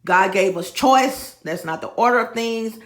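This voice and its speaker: A woman's voice: a little high, expressive, measured pace, a bit bright. A woman vlogging in a casual monologue, talking emphatically straight to her viewers and repeating her points. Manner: emphatic, repeats phrases, addresses viewers as y'all. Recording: echoey room.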